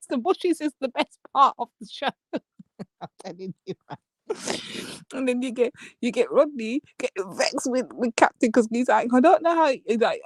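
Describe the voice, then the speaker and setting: A woman's voice: sits high, very animated, a little slow, pauses often, dry recording. Young woman gossiping on a live stream, swears loads, laughs a lot, voice jumps all over, dry close mic. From England. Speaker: livestream host. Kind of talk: casual live-stream commentary.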